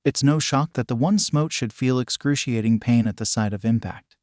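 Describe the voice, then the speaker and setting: A man narrating a fan fiction story in a measured, descriptive way. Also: mid-range voice, a little mellow, no room sound, studio quality.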